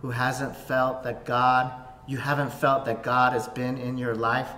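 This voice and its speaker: A man preaching a sermon as a pastor. He swings from loud emphasis down to soft near-whispers. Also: mid-range voice, little pitch movement, measured pace. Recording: roomy echo.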